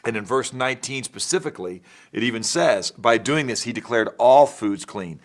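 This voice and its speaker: A man speaking as a pastor in sermon-style teaching, measured and explanatory. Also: medium pitch, animated.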